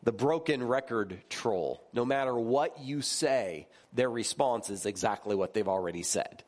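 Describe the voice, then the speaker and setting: A man who is a pastor, giving a conversational sermon in a lively, chatty way and often checking in with his listeners. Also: measured pace. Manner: lively, jumps higher when recounting stories.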